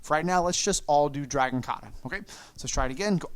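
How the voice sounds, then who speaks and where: A man's voice: fairly high pitch, expressive, fast talker. A man teaching an online kids' martial arts class, calling out moves, counting and encouraging the students. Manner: coaching, encouraging, calls out moves and kiai shouts.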